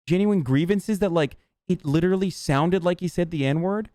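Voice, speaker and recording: Male streamer, heated profane rant to chat, smooth resonant voice, fairly high, dry close sound. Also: mellow, no echo. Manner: profane, agitated, halting restarts.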